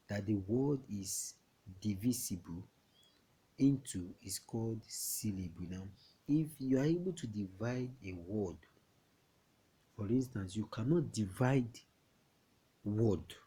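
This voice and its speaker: A man's voice: fairly low pitch, animated, slow pace, pauses often, dark tone, slightly rough. A man with a Nigerian accent teaching an English lesson to young pupils, chatty and often asking if they understand. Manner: chatty, repeats questions to check understanding.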